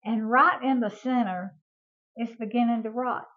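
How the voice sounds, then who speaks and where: A woman's voice: on the high side, fairly even intonation, unhurried, phone-quality sound. An older woman, hosting a casual home cooking demonstration in a chatty, homey way and talking to her viewers as y'all. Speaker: cooking show host.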